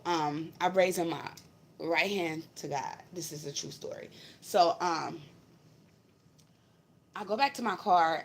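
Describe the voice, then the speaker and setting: A woman's voice: fairly low pitch, a little hiss or hum. Woman telling a blunt, profane story. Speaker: spiritual vlogger. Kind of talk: casual storytelling to camera.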